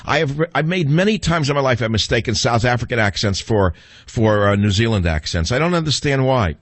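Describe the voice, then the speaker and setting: A man's voice: mid-range voice, animated, a little fast, no echo. A man hosting a call-in talk radio show, ranting in a combative, scornful way between calls.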